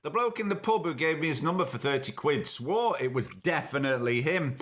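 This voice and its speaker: Bright, chatty man telling jokes. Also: a little high, animated, brisk. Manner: dry, chatty, jokey, self-interrupting. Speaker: podcast host. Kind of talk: comic monologue and phone bit.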